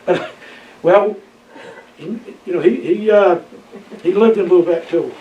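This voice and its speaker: A man's voice: high-pitched, unhurried. An older man, telling rambling, folksy stories from his Coast Guard days in an oral history interview, laughing often. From Maine, USA. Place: library room. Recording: roomy, distant, dull, faint hiss.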